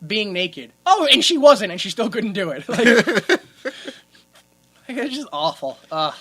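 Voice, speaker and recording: Man, podcast co-host, crude jokey movie recap, bright tense voice, laughs a lot. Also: sits high, big pitch swings, unhurried. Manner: crude, joking, laughs often while retelling scenes. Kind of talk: casual podcast chat reviewing a movie.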